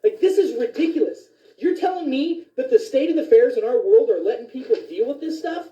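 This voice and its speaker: A man's voice: very high-pitched, animated, a little fast, dark tone. A man who is a physician, ranting indignantly with profanity in a commentary video. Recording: distant, echoey, dull lo-fi sound.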